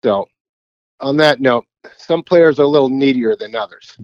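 A man's voice: medium pitch, moderate pace, no echo, dull audio. A man from the Upper Peninsula of Michigan calling in to tell a story, acting out the people he quotes in a casual voice message.

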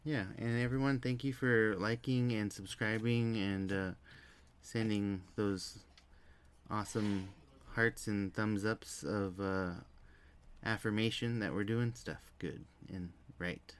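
Male podcast co-host, lowish voice, easygoing delivery with a sarcastic edge. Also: fairly even intonation, slow pace, clear, resonant tone. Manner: laid-back, dry sarcastic humor. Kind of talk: casual podcast chat.

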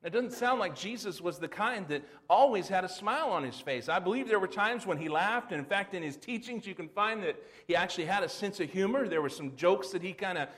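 A middle-aged pastor preaching a sermon in a folksy, conversational way. He tosses rhetorical questions and homely asides to the congregation. His man's voice sits on the higher side. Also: a bit bright.

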